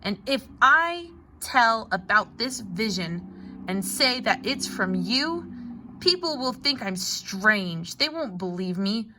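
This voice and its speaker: A woman's voice: medium pitch, very animated, slow, noisy background. A woman voicing an anxious grown man who refuses a hard task, in a fretful, pleading way.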